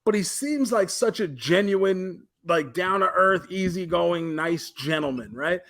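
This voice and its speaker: A man co-hosting a pop-culture podcast, his voice sitting noticeably high. He tells stories with an animated, profane energy, slipping into quoted voices to act out scenes. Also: measured pace. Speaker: podcast co-host. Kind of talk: casual chat.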